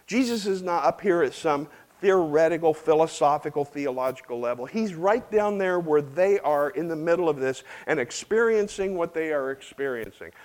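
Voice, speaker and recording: A man's voice: fairly high pitch, a little mellow, rough recording. A man preaching an expository sermon in an earnest way, asking rhetorical questions and repeating phrases for emphasis. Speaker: pastor.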